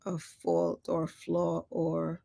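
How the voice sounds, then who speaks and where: Woman, reflective live-stream talk, candid, slightly gravelly voice, middle-aged. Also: lowish voice, completely flat delivery, takes it slowly, warm tone. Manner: candid, laughs often, acts out quoted lines.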